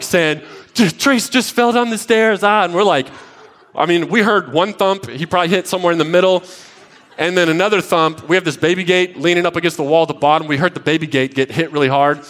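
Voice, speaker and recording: Pastor, man, 30s, higher register, animated storyteller who builds to emphatic, repeated lines. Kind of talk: sermon with personal stories.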